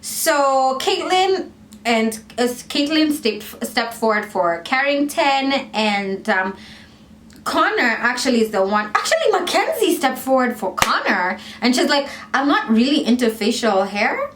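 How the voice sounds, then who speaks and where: A young woman talks casually to her camera in a fairly high voice, rambling and correcting herself as she goes. The sound is echoey, as if she is in a bare room. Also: unhurried, background noise. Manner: animated, rambling, self-correcting, lots of fillers. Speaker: vlogger reviewing a reality show. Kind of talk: casual chatty commentary.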